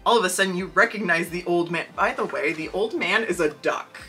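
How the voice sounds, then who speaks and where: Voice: medium pitch, brisk, bright, forceful tone, faint music behind, low-quality recording. A podcast co-host reading a choose-your-own-adventure story aloud, with wry, jokey asides. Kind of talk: casual chat and reading aloud.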